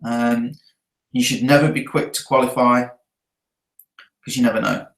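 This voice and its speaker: A man's voice: mid-range voice, fairly even intonation, normal speed, echoey room, rough recording. A man who trains network marketers, talking through his event notes earnestly and often checking in with his listeners. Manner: earnest, checks in with a frequent tag question.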